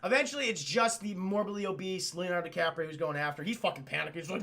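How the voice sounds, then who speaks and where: A young man casually recapping a cartoon episode for his live chat, excitable and swearing, acting out the characters. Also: high voice, fast, creaky, hardly any pauses. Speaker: streamer reviewing a cartoon episode.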